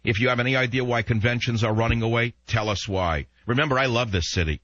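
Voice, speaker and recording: A man's voice: mid-range voice, quick pace, fairly bright tone, no echo. A man from San Francisco hosting a talk radio show, sarcastic and combative, firing rhetorical questions. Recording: dull dry lo-fi radio recording.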